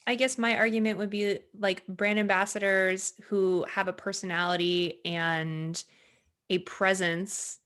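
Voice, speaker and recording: A woman co-hosting a podcast in casual chat, bubbly and animated, often correcting herself mid-sentence. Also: on the low side. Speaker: podcast co-host.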